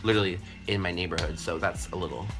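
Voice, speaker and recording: A young man telling a storytime vlog in a chatty, animated way, full of fillers and swearing. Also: low-pitched, quick pace, music in the background. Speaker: vlogger.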